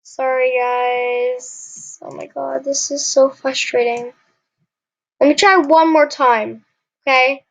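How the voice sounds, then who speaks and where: Speaking slowly in a high, creaky voice with fairly even intonation, a young woman comments casually on her gameplay for her gaming channel, often frustrated and apologizing to viewers. No room sound is audible, and the audio is dull and lo-fi.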